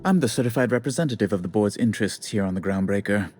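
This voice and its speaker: An actor playing a prim, self-pitying corporate official in a video game, speaking in clipped, theatrical formal diction. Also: male voice, lowish voice, fast, darkish tone, faint music behind, close to an everyday voice. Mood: flustered. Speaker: corporate board representative. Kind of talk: video game character dialogue.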